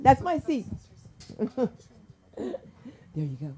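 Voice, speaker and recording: A woman's voice: mid-range voice, animated, brisk, darkish tone, a little hiss or hum. A woman hosting an open mic at a comedy club, chatty and encouraging as she gives comics feedback. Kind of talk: emceeing and giving feedback.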